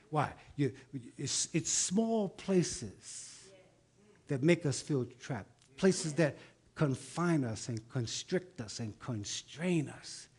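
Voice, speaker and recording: High-pitched man preaching with rising fervor. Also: slightly rough. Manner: rises to shouting, then drops to quiet, rhythmic repetition. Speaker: pastor. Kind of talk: sermon.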